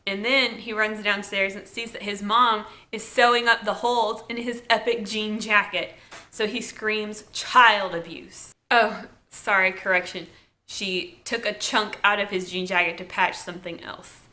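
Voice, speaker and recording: A woman's voice: mid-range voice, fairly even intonation, unhurried, pushed and bright. A woman reviewing a TV episode in a casual, chatty recap full of asides and "like". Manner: chatty, lots of "like", laughs and asides. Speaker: TV show reviewer.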